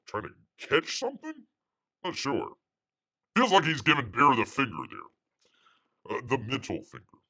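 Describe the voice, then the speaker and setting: A man hosting a casual livestream, rambling and halting as he calls himself by a nickname in the third person. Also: on the low side, sharp tone. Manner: halting, full of fillers and restarts. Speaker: livestream host.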